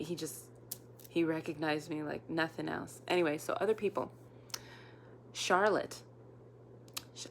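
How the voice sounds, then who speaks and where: A woman telling candid, rambling stories from her school years, with fillers and quick acted quotes. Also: low voice, slight background noise. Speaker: storyteller. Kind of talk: casual personal storytelling.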